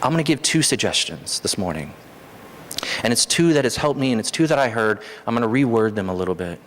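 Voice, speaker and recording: A man preaching a sermon as pastor, animated, his voice jumping high for emphasis. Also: fairly quick, a little hiss or hum. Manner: animated, rises sharply in pitch for emphasis. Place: church hall. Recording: long hall reverb.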